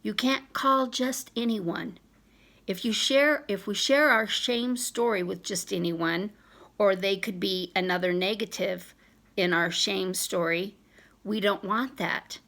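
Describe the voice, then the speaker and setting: A woman's voice: medium pitch, slow, vocal fry, fairly bright tone. A woman vlogger reading a self-help passage aloud in an earnest way, briefly voicing the friends she quotes. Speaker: business vlogger.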